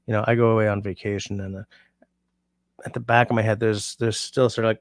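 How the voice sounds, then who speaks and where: A tired man with a lowish, gravelly voice hosts a laid-back livestream, rambling between chat comments. His voice is recorded close and dry, with no room sound. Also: level tone, fast, no room sound. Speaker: livestream host.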